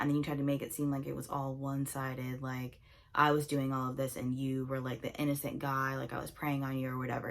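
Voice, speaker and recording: A young woman vlogger telling a storytime while doing her makeup, chatty and animated, acting out quoted dialogue with lots of filler words. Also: low-pitched, creaky.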